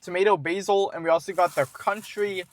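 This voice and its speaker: A man's voice: sits high, steady tone, a little fast. A man hosting a casual food review from inside a car, rambling and self-assured with a jokey streak.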